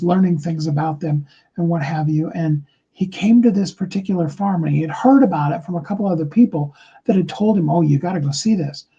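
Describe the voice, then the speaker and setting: A man giving a motivational talk, telling a story slowly and deliberately, with many fillers and restarts. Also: a little high, mellow, slightly rough, highs cut off. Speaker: motivational speaker.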